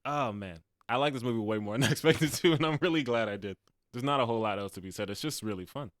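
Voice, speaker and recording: A man in his late twenties co-hosts a movie review podcast from a studio, chatting casually and animatedly, laughing often and acting out quotes. His mid-range voice moves at a quick pace, captured in a dry, clean studio recording.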